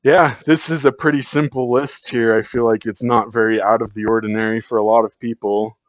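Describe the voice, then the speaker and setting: A man's voice: medium pitch, fairly even intonation, fairly quick, dry recording. A man talking as a podcast guest in a rambling, casual way, full of fillers and restarts. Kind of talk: casual chat. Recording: dull lo-fi sound.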